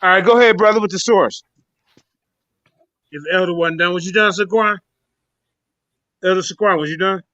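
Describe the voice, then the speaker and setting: A man's voice: sits high, normal speed, pauses often, sharp tone, no room sound. A man hosting a casual online debate call, talking emphatically, often restarting his sentences and cutting in to steer the talk. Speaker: livestream debate show host. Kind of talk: casual online group chat. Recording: dull lo-fi online call audio.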